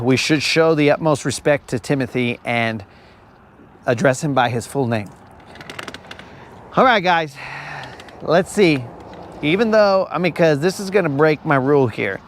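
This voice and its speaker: A man's voice: on the high side, a little hiss or hum. A man hosting a live fishing stream outdoors on a lake, joking with viewers in casual chat and calling them bro.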